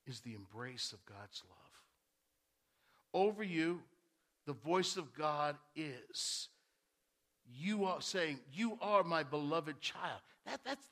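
Bright, high-voiced preaching man. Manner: conversational preaching that repeats key phrases for emphasis. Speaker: pastor. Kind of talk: sermon. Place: church.

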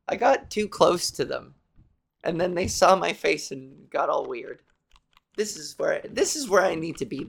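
A woman hosting her own podcast in a rambling, self-deprecating monologue, with a scratchy, slightly sore voice and plenty of swearing. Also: gravelly. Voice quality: scratchy low voice. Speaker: podcast host. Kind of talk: casual solo monologue.

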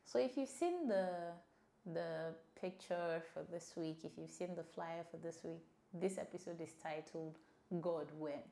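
Woman, podcast host, animated and opinionated, smiling tone, somewhat low pitch, roomy echo. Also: unhurried, gravelly, slight background noise. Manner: animated, opinionated, speaks with a smile. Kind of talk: solo podcast commentary.

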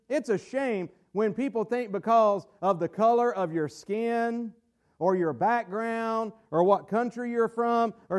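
A man's voice: high-pitched, darkish tone. A man with a Southern American accent preaching a sermon, folksy and digressive, breaking into emphatic bursts. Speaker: pastor.

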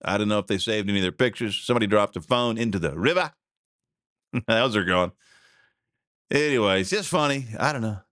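A man's voice: on the low side, expressive, fairly quick, pauses often, a bit bright, no echo, studio quality. A man hosting a talk radio show, rambling through stories in a casual, folksy way with frequent chuckles and asides. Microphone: studio mic.

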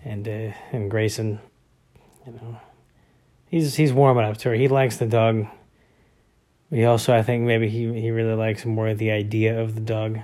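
A man's voice: fairly low pitch, flat delivery, normal speed, mellow. A man in his thirties, a father, talking casually about his family in a rambling way with many fillers and restarts. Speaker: father of young boys. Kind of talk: casual family vlog talk.

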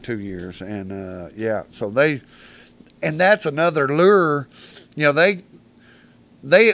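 A man's voice: mid-range voice, a bit bright, slight background noise. A man, a guest telling long hunting stories in a rambling, salty, colloquial way. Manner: rambling, profane, colloquial storyteller. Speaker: guest, predator hunter. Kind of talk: casual storytelling chat.

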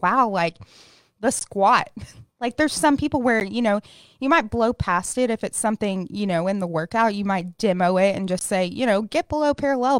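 A woman's voice: medium pitch, dry recording. Woman, fitness coach, casual podcast chat, upbeat, laughs a lot, dry close sound.

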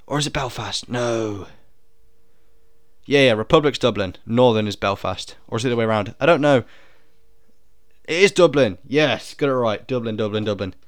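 A man's voice: medium pitch, moderate pace, long pauses, no echo, studio quality. A young man taking an online quiz on camera, thinking aloud, second-guessing himself and cracking puns. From United Kingdom. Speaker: video creator doing a quiz. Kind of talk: casual commentary while taking an online quiz.

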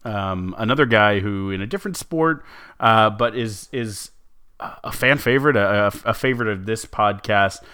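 A man with a low voice chats his way through a sports podcast, stopping and restarting often. The sound is dry and close, with no room around it. He keeps it loose and conversational. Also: moderate pace, bright, forceful tone, smooth, dry recording. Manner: chatty, many fillers and restarts. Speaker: podcast co-host. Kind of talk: casual sports podcast chat.

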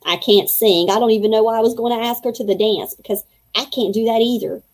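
A fretful little vampire boy who talks too much and pleads his case in earnest, as a woman reads him aloud. The voice sits a touch high, with a mellow, soft-edged tone. It sounds like a storybook character. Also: fast talker. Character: young boy vampire student, talkative and anxious.

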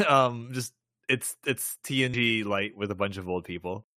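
A man's voice: on the low side, unhurried, bright, forceful tone, no echo. A man co-hosting a podcast, making wry, dry remarks in casual chat. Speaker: podcast co-host.

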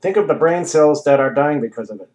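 Agitated middle-aged rambler, ranting, voice pitched up, read by a male narrator. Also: quick pace, darkish tone, highs cut off, lightly acted. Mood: rambling.

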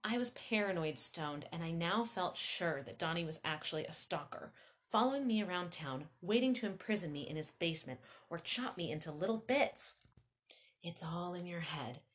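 A woman host telling a first-person story, animated, breaking off into chatty asides. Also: lowish voice, normal speed.

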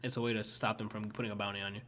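A man's voice: on the low side, flat delivery, very fast, fairly bright tone. A man streaming, chatting casually and rambling through a story, filling his talk with "like" and swearing often. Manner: rambling, swears a lot, many fillers. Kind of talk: casual chat.

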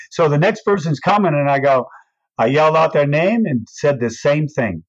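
A man's voice: expressive, moderate pace, no echo. An older man, a race announcer, telling a story and acting out the voices of the people in it. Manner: acts out quoted voices with big pitch swings. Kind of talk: animated storytelling. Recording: dull, dry recording.

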